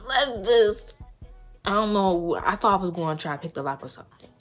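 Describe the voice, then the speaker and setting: Animated young woman telling a story. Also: lowish voice, quick pace, faint music behind. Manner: animated, slangy, addresses viewers directly. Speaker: vlogger. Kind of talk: casual storytime.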